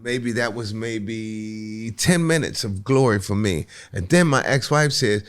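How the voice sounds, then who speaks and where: A man, a comedian guest on a podcast, telling a long anecdote in an animated way, repeating words as he restarts and acting out other people's voices. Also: on the low side, a little slow. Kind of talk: storytelling anecdote. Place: podcast recording.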